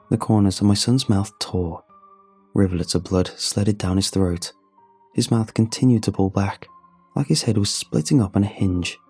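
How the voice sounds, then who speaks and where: A man telling a first-person horror story in a grim, measured way. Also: lowish voice, a little mellow, husky, soft background music. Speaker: narrator.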